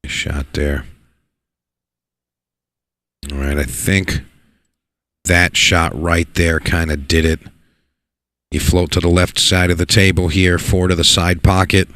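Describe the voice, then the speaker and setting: A man giving live play-by-play commentary on a pool match, excitable and repeating words for emphasis. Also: sits low, slow, pauses often, no echo. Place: pool hall.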